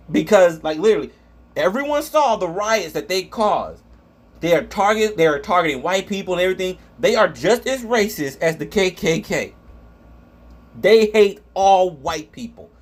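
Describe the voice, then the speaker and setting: A man with a notably high voice rants angrily and profanely while reacting to comments in a vlog. He often stumbles over his words and restarts. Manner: angry profane ranting. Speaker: vlogger.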